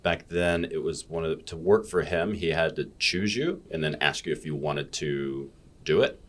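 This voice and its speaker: Very deep-voiced blunt American man. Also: normal speed. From United States. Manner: blunt, swears freely, animated storyteller. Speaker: guest, fitness educator. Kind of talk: casual podcast chat, storytelling.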